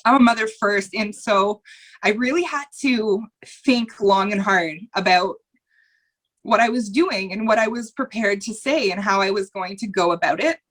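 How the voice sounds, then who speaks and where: A woman's voice: medium pitch, fairly bright tone. A woman talking as a guest in a podcast interview, earnest and candid, speaking in long rambling runs that repeat phrases and sometimes turn emotional.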